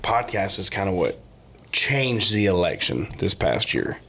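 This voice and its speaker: Male podcast host, low-pitched, loose and conversational, long winding questions. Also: big pitch swings, measured pace, vocal fry, a bit bright. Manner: asks long rambling questions. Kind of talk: casual interview chat.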